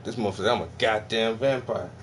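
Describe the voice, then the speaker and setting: A man's voice: lowish voice, quick pace, slight background noise. An American man riffing profanely and mockingly on a podcast clip, laughing often as he rants. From United States. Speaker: video commentator reacting to a podcast clip. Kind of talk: casual profane reaction rant.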